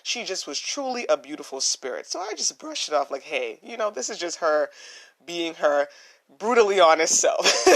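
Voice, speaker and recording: A young woman with a naturally low voice, hosting a solo podcast, earnest and reflective, often repeating her phrases for emphasis. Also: sing-song, moderate pace, vocal fry, a bit bright. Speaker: podcast host.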